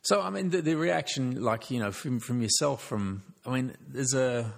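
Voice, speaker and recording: A man's voice: medium pitch, moderate pace, vocal fry. A man interviewing a guest in a chatty way, prompting with questions. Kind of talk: casual interview chat.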